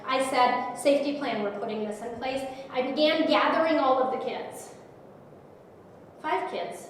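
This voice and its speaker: A middle-aged woman with a high voice tells her story as an emotional personal testimony, acting out the dialogue vividly. She is heard from some distance away in a large hall, and her voice rings with long reverb and faint noise behind it. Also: lively intonation, moderate pace. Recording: echoey hall, speaker far from mic.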